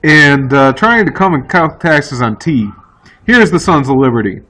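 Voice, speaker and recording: A man teaching history in a casual, chatty way, often voicing quick asides for the people he talks about. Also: a little high, animated, bright, forceful tone, low-quality recording. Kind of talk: recorded classroom lecture.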